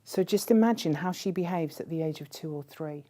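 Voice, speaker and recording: A woman giving a conference keynote speech in a measured way, posing rhetorical questions to the audience. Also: low-pitched, dark tone. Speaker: keynote speaker.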